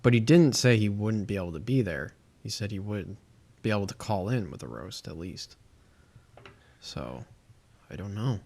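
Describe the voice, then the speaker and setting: A man's voice: fairly low pitch, animated, moderate pace, vocal fry, long pauses, darkish tone. Man mumbling casual podcast asides. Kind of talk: casual chat.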